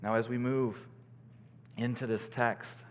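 A male pastor preaching a sermon in a church, earnestly, swinging between soaring emphasis and hushed lows. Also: little pitch movement, a little slow, long reverb tail, slight background noise.

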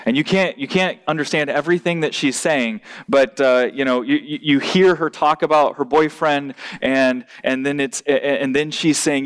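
A man's voice: steady tone, normal speed, few pauses. A man preaching a sermon, emphatic, often repeating words as he restarts. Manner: emphatic, rising in pitch and volume at points.

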